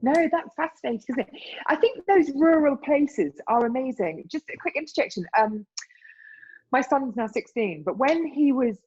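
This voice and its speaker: A middle-aged woman with a husky, breathy voice chatting on a podcast, quick to jump in with her own stories. Her recording sounds dull and lo-fi. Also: sits high, expressive, a little mellow. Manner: chatty, quick to react with interjections. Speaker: nurse, podcast co-host. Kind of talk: casual podcast chat.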